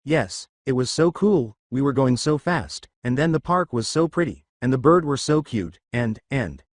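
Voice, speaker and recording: A man voicing a timid, fragile little girl in a storybook reading, speaking in halting, nervous questions. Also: mid-range voice, expressive, no echo, studio quality, lightly acted. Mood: excited.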